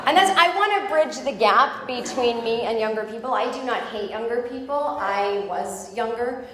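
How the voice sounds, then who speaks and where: A woman's voice: on the high side, moderate pace, few pauses, noisy background. A woman in her forties from the United States doing a rambling, self-deprecating stand-up set on a club stage. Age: 40s. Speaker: stand-up comedian. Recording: very echoey live club recording. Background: audience laughter.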